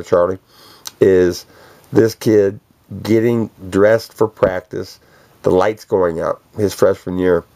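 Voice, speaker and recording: A man talks straight to the camera in a rambling monologue, with a somewhat low voice. He sounds boastful and profane and throws in streetwise slang as he goes. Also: a little mellow. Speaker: vlogger addressing a celebrity. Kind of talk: rambling direct-address monologue.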